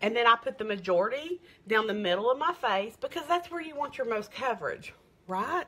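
A middle-aged woman with a drawl runs a live makeup demo, selling as she goes. Her voice sits a little high and rings bright and forceful. She chats and gushes, greeting her viewers by name. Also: lively intonation, brisk, slightly rough. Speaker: makeup seller.

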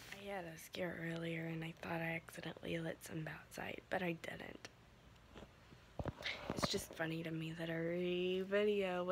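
A woman vlogging at home, half-whispering so she won't wake people and switching to a high sing-song voice when talking to her dog. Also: a little hiss or hum. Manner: often half-whispering to keep quiet. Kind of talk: casual home vlog talking to her pets. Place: home indoors.

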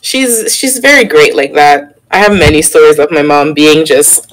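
A young man in casual podcast chat, telling an animated story with laughter and sudden jumps in pitch. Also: normal speed, low-quality recording. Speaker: podcast co-host.

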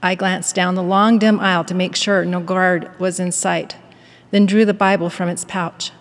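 A woman's voice: on the low side, level tone. Earnest woman in a reverberant hall. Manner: measured, earnest, storytelling. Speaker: devotional speaker at a university. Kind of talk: prepared devotional address with a read-aloud story.

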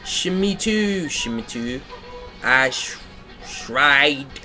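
A man's voice: mid-range voice, lively intonation, drawn-out words, bright, forceful tone, faint music behind. A man giving a comedic reading of a badly written story, breaking off to mock it in sarcastic asides. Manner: sarcastic, breaks off to rant and laugh. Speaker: reader mocking a fan fiction. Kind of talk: comedic dramatic reading with commentary.

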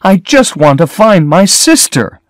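An anxious young woman pleads for help to find her sister, as a male narrator reads her lines. Her voice swings widely, rising high and strained, and the delivery is slow and deliberate. The sound is dry and close. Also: big pitch swings, darkish tone, dry recording. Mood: worried, pleading.

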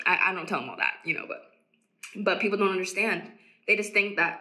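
A woman casually preaching to camera as an evangelist, emphatic and repeating phrases for stress, sometimes dropping to a hushed near-whisper. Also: mid-range voice, moderate pace, long pauses. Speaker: Christian evangelist.

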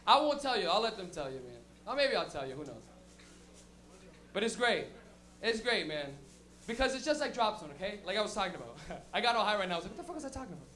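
A young man doing a loose, crude stand-up set on a comedy club stage with an animated storytelling manner. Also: high voice, fast talker.

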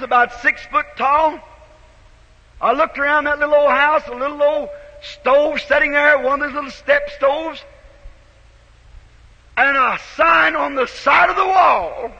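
A man preacher telling a story in a sermon, swelling from soft to shouted, on a dull 1950s tape in a big echoing hall. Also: very high-pitched.

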